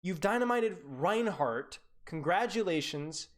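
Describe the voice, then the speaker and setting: Young male game coach, live-stream review, blunt teasing critique, very animated delivery. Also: high voice, unhurried.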